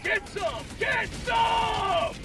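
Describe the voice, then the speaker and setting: Brief: fanatical soldier barking battle cries, very high strained yell, off-mic, game fire behind. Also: male voice, drawn-out words, heavily acted. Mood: gung-ho. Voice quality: battle-cry shouting. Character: shouting male soldier, gung-ho and fanatical. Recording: distant game audio with gunfire.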